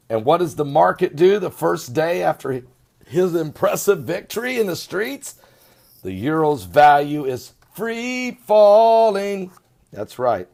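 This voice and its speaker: A man giving an animated, sarcastic video commentary, swinging between loud emphasis and muttering. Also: fairly high pitch, creaky. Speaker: online commentator.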